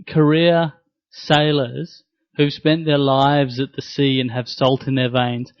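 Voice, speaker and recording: A man's voice: medium pitch, level tone, slow. A man co-hosting a casual podcast chat, blunt and sarcastic, swearing freely, recorded as slightly dull lo-fi audio. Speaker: podcast co-host.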